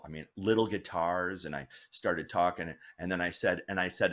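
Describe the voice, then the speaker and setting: A middle-aged man, a guest artist, telling a story casually, animated and swearing, acting out the voices of people he met. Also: sits low, normal speed, few pauses. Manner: animated, swearing, acts out dialogue.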